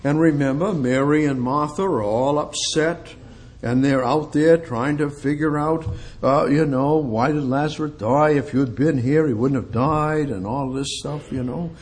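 A man preaching an expository sermon, reading scripture aloud, loud and emphatic at times, then dropping low and quiet. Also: a little slow.

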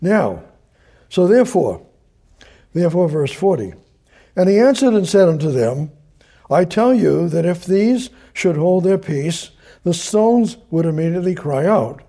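A man's voice: high voice, sing-song, a little slow, dark tone. An older man teaching verse by verse from the Bible, rambling and repeating himself as he paraphrases scripture. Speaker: preacher.

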